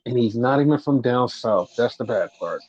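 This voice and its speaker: A man's voice: mid-range voice, lively intonation, moderate pace, darkish tone, slightly rough, no echo. A man co-hosting a podcast, casually recapping wrestling shows and ranting with swearing when annoyed. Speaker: podcast co-host. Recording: dull lo-fi dry recording.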